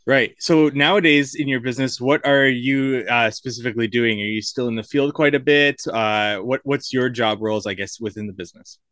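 A man's voice: mid-range voice, brisk, hardly any pauses, fairly bright tone, no room sound. A male podcast host asks his guest long questions in a mid-range voice. He hesitates and uses fillers as he works out the wording, and the recording sounds dry and close. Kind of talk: interview questions.

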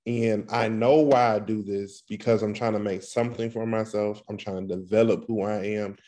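A man co-hosting a podcast, speaking in an earnest, reflective, somewhat halting way. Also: lowish voice, flat delivery, warm tone. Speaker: podcast co-host. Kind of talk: casual podcast chat.

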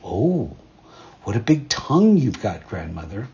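A trusting little girl speaks in a lifted, breathy voice, as a man reads her. She sounds innocent and wide-eyed. The recording is muffled and lo-fi. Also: fairly low pitch, very animated, unhurried, warm tone, full character voice. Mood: wondering.

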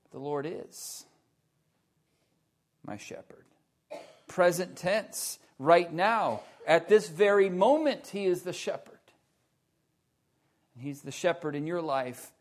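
A man preaching a sermon, slow and deliberate, stressing key words loudly and dropping to hushed low lines.

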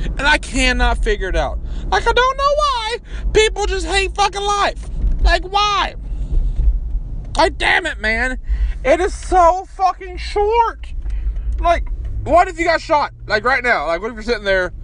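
A man's voice: very high-pitched, a bit bright, slight background noise. A man hosting a podcast, giving an emphatic, swear-filled motivational rant and leaning on "like" again and again. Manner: emphatic, swears constantly, repeats "like". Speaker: podcast host.

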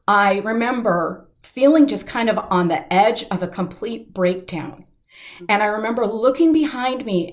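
In an interview, a middle-aged woman shares a personal story with earnest, heartfelt sincerity, slowing down at the emotional moments. Her voice is medium in pitch.

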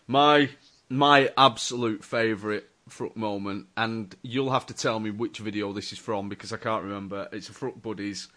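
A man's voice: fairly low pitch, moderate pace, pushed and bright. A man hosting a casual chat, enthusiastic and prompting his guest.

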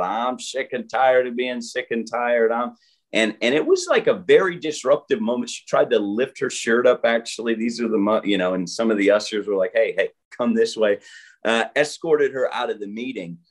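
A man, a pastor, telling a healing testimony as an interview guest, animated and full of fillers and restarts. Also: lowish voice. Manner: animated storyteller, acts out quotes, frequent fillers and restarts.

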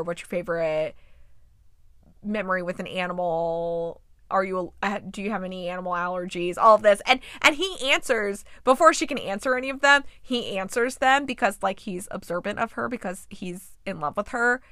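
A woman's voice: mid-range voice, bright, forceful tone, no room sound, clean studio sound. A young woman hosting a show, chatting casually about a movie plot and acting out the characters' lines with incredulous reactions. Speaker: podcast host reviewing movies. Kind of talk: casual chat recapping a movie.

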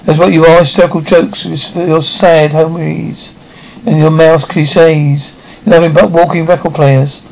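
An actress playing a rebellious grown daughter who feels trapped at home, speaking in sharp, scornful outbursts in a 1950s TV drama style. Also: female voice, deep voice, little pitch movement, measured pace, creaky, slight background noise, rough recording. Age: young adult.

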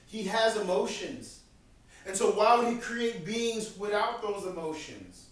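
A man with a notably high voice preaches a sermon, earnest and conversational, often repeating a key line to drive it home. The sound is very echoey, as if recorded from a distance in a large church room. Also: animated, a little slow. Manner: repeats key lines for emphasis. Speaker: pastor.

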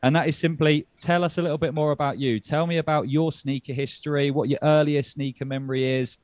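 A man's voice: a little high, fairly even intonation, a little fast, a little mellow, dry recording. Male podcast host, dry close sound, jokey and rambling. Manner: chatty, jokey, rambling with restarts. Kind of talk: casual podcast chat.

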